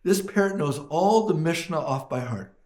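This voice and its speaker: A man's voice: on the high side, lively intonation, normal speed, a little mellow, natural voice. A man voicing a matter-of-fact pet shop owner. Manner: matter-of-fact salesman telling a joke. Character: male pet store owner selling parrots.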